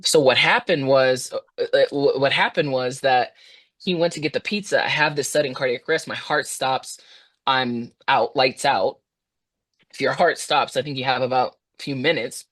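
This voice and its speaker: Animated woman telling her story. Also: normal speed. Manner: animated storytelling, acting out her own past lines at much higher pitch. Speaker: podcast guest. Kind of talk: personal story in an interview.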